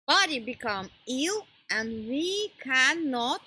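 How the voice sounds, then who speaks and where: Slow, breathy woman teaching in halting phrases. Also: high-pitched, lively intonation, bright, forceful tone, poor audio. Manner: halting, pauses to search for words; non-native English phrasing. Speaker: wellness teacher. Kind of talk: informal teaching talk.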